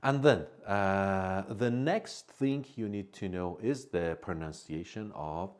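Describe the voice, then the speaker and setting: A man teaching English to beginners, patiently saying each word slowly and repeating it for learners to copy. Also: sits low. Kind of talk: slow, step-by-step language lesson.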